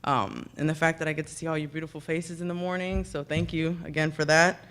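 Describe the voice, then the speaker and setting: A woman's voice: sits low, steady tone, brisk, a bit bright. Chatty woman giving an acceptance speech. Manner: rambling, chatty, self-deprecating, thanks people by name. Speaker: hall of fame inductee giving a speech. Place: ceremony breakfast in a banquet room.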